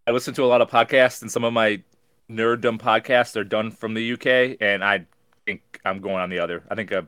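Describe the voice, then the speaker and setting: A man speaks in a low but bright, forceful voice, hesitating and stammering through casual podcast chat. The recording is dry and close. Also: steady tone, moderate pace, clean tone, no room sound.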